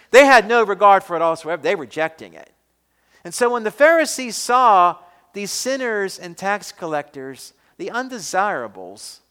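A man's voice: high-pitched, bright, forceful tone, big-room sound. A man preaching a sermon, emphatic, asking his listeners questions. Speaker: pastor.

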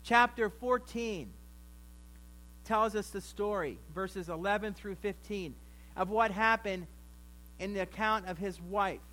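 A male preacher with a high, bright, forceful voice, retelling a story in a sermon. He speaks conversationally and drops wry asides to his listeners. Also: a little slow, rough recording.

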